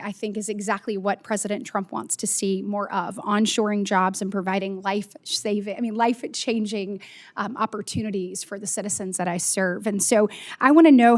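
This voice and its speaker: A woman, a senator politely and earnestly questioning a witness at a hearing. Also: medium pitch.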